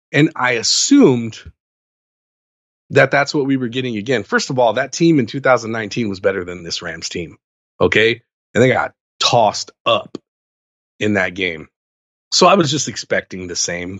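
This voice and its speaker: A man's voice: fairly low pitch, dry recording, lo-fi sound. A man co-hosting a sports podcast in casual chat, telling stories and ranting with lots of energy. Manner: animated ranting storyteller. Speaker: podcast co-host.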